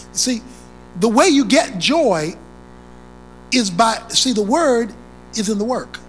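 A preacher delivers a sermon in a lively voice that leaps high and drops low, repeating key phrases for emphasis and moving from loud declarations to hushed asides. Faint music plays beneath, and the recording is rough.

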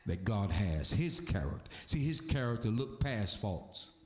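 A man preaching a sermon, animated, his voice climbing high as he gets excited. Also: measured pace, soft background music. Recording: echoey room.

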